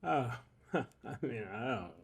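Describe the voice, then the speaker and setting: A man hosting a casual interview, joking and animated, swinging between loud bursts and mumbled asides. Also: medium pitch, takes it slowly, vocal fry. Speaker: host.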